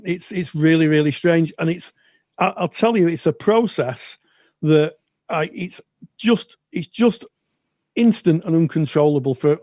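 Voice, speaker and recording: A man co-hosting a counselling podcast, speaking thoughtfully with frequent pauses and restarts. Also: a little high, a little mellow, dry recording, studio quality. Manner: thoughtful, halting with many restarts. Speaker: podcast co-host. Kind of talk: casual chat.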